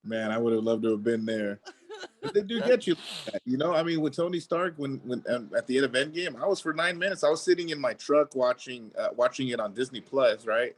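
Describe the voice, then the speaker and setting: A man's voice: mid-range voice, expressive, brisk. A man co-hosting a podcast in casual chat, easygoing, with fillers like "man" and "dude". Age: adult.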